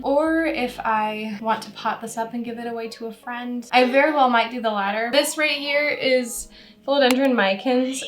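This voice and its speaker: A young woman talks in a chatty, rambling way, with a touch of congestion left over from a cold. Her voice sits a little high. She pokes fun at herself now and then, in relaxed vlog chatter. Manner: chatty, rambling, self-deprecating. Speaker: plant content creator. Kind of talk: casual vlog talk to camera.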